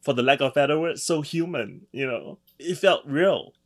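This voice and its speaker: A man co-hosting a casual podcast chat, talking haltingly with many restarts and chuckles. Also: on the high side, expressive. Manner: halting, restarts and laughs often. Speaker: podcast co-host. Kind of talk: casual chat about comics.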